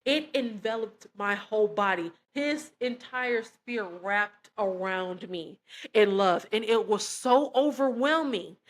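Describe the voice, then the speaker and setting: A woman of ordinary, mid-range pitch recounts her personal faith story in loose, conversational storytelling. She speaks earnestly and with feeling, often turning to her listeners directly as if chatting with friends. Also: measured pace. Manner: emotional, earnest, addresses listeners as "y'all". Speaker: christian testimony vlogger. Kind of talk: personal testimony, casual storytelling.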